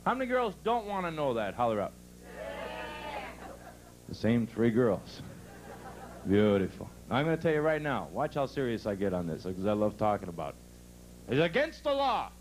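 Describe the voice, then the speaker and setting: A man's voice: fairly low pitch, sing-song, moderate pace, long pauses, a little hiss or hum, low-quality recording. A man doing stand-up for a live crowd, telling folksy dirty jokes and laughing at his own punchlines. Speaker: stand-up comedian.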